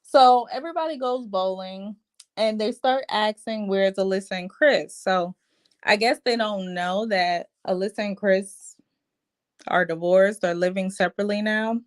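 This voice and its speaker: A woman's voice: mid-range voice, a little slow, clear, resonant tone. A woman recapping a reality show episode in a chatty, opinionated, slangy way. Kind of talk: casual show recap commentary.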